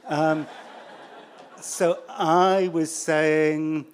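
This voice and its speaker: An English man telling a true story on stage in a wry, self-deprecating way, halting with fillers and restarts. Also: mid-range voice. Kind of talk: live storytelling.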